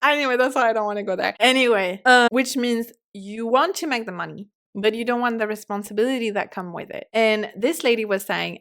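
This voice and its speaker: A woman hosting a solo podcast, talking passionately and swinging from fired up to soft and calm, swearing casually. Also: on the high side, brisk. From French-speaking. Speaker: podcast host.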